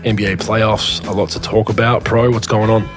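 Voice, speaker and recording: Low-voiced male host over music. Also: little pitch movement, moderate pace. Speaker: podcast host. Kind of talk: casual podcast chat. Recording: music playing clearly behind.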